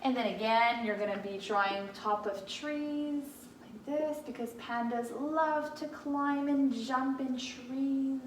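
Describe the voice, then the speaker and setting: The teacher's voice is high and she takes it slowly yet hardly pauses, while slight background noise sits underneath. In a recorded lesson from an echoey home room with a whiteboard, this first grade teacher patiently explains math to young children with many fillers.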